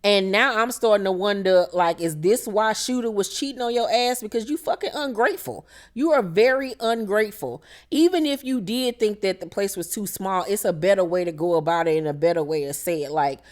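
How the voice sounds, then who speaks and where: A woman's voice: mid-range voice, brisk, hardly any pauses. A woman hosting a casual TV recap and talking in a blunt, profane, sassy way. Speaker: TV recap host.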